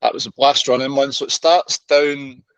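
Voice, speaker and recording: A man's voice: mid-range voice, fairly even intonation, normal speed, fairly bright tone, smooth, no echo, rough recording. A Scottish man hosting a running podcast, steering the talk with questions. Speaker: podcast host. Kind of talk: casual chat.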